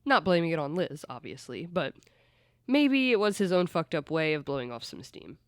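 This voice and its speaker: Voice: mid-range voice, sing-song, moderate pace, dry recording, clean studio sound. A podcast host telling a true-crime story in casual, blunt chat and swearing freely.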